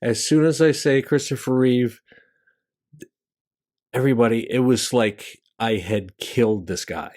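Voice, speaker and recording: Animated middle-aged male comic storyteller. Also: measured pace, long pauses. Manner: animated storyteller who jumps high in pitch for punchlines; conversational, with fillers and restarts. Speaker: stand-up comedian and show host. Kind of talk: storytelling monologue about comedy craft.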